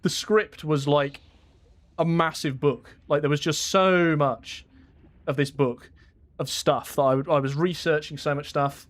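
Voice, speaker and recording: A man's voice: a little high, steady tone, a little slow. A young man from England chatting casually on a live game stream, laughing often and answering his chat. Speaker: gaming streamer.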